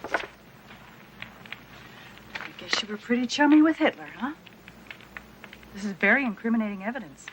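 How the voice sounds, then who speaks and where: An actress playing a sharp, level-headed female police detective who talks in a reasoned, insistent way. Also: a little high, lively intonation, moderate pace, long pauses, slight background noise, natural voice, low-quality recording.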